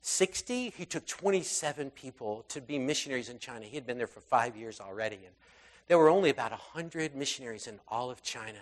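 Male preacher, mid-pitched, casual storytelling sermon, chatty with lots of "um" and "you know", drops into quoted voices. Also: a little fast. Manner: conversational, animated storytelling with fillers and quoted voices.

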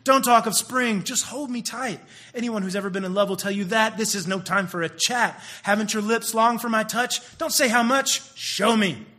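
A man's voice: sits high, fairly even intonation, moderate pace, sharp tone. A man singing the part of an exasperated young woman who is sick of hearing words and wants proof of love. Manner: sung, exasperated.

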